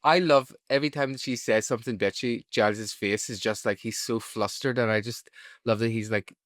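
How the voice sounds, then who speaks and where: A man's voice: mid-range voice, fairly even intonation, a little fast, fairly bright tone, no echo. Male podcast co-host, enthusiastic, laughs easily, dry close-miked sound. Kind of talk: casual chat.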